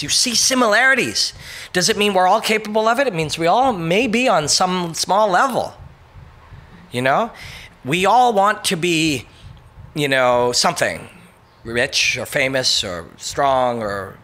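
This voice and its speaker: Bright-voiced man rambling emphatically as host. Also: a little high. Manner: rambling and emphatic, with frequent swearing; breaks into brief mocking voices for quotes. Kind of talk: casual motivational monologue.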